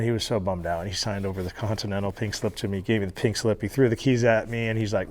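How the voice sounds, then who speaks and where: A man being interviewed, telling animated stories with casual swearing and laughter. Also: fairly low pitch, fast. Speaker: interview guest. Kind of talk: storytelling interview. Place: federal halfway house.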